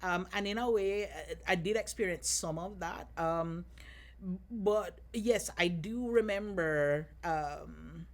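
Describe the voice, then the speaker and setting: A woman from Jamaica with a Jamaican accent, a guest in a casual chat, speaking reflectively and thinking out loud as she goes. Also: on the low side, takes it slowly. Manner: reflective, thinks aloud with many fillers and restarts.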